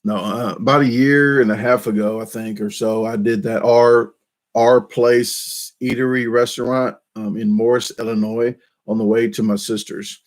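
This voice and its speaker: A man chats loosely to his viewers in a middle-pitched, everyday voice, rambling and restarting his sentences. He pokes fun at himself as he goes and speaks into a desk microphone. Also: steady tone, normal speed. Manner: rambling, self-deprecating, with frequent restarts. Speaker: YouTube channel host. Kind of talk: casual rambling chat.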